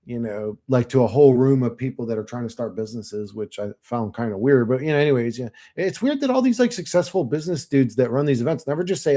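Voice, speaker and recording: Pitched on the high side with a dark tone, this man talks quickly and expressively with hardly any pauses. He's a channel host from Florida in his late thirties, reading viewer comments in a loose, profane monologue full of fillers.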